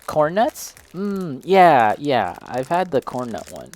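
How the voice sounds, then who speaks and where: A man's voice: medium pitch, very animated, takes it slowly, a little mellow. A young man casually chatting as he tastes and reviews snacks, self-deprecating and reacting as he eats. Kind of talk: casual snack tasting chat.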